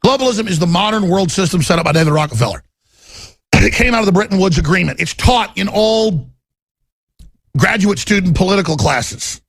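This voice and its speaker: Talk radio host, man, middle-aged; husky rasp, fairly high-pitched, fierce rant. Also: animated, fairly quick, no echo. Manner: intense, ranting, swings to menacing low growls in acted quotes. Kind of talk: political talk radio monologue.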